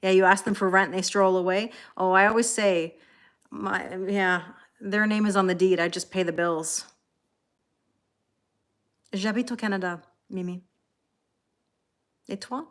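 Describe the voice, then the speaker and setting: A woman with a medium-pitched, fairly even voice at a normal speed hosts a tarot livestream. She chats casually with the people watching live, thanking them by name and addressing her cats between comments.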